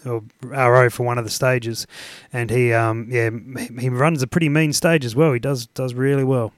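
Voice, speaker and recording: A man's voice: medium pitch, steady tone, normal speed, no echo, studio quality. A man from Australia with an Australian accent, chatting casually in an easygoing, rambling way with lots of restarts. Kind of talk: casual chat.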